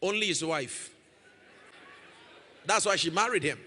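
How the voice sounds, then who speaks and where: A man preaching in a church hall with a very high, bright voice that rings through long reverb. He is emphatic, repeats his key lines and swings into sung-out phrases. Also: a little slow. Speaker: pastor. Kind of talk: sermon.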